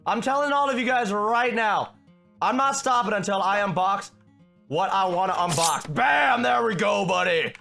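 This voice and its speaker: A young man reacting loudly as he plays a video game, his voice pitched very high and sharp. There is a gravelly edge under his frequent shouts, and faint game music plays behind him. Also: moderate pace. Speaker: gaming video host. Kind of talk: excitable gameplay commentary.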